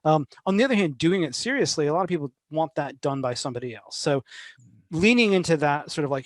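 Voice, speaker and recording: A man speaking as a guest in a casual interview, animated and full of fillers, often acting out what other people say. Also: on the high side, quick pace, no room sound. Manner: animated, many fillers, acts out quoted voices. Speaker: behavioral finance guest.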